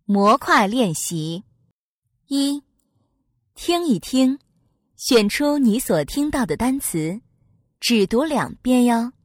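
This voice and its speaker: A woman reading listening-test instructions slowly, in a clearly enunciated, sing-song way. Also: on the high side, sing-song, no echo, studio quality. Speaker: exam announcer.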